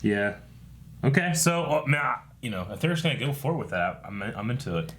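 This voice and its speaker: A man talks through a TV episode in an easy, animated way, his pitch leaping around as he jokes and acts out lines. He laughs often. A faint hiss of background noise sits under the voice. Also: brisk. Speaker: show host. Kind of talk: casual reaction chat.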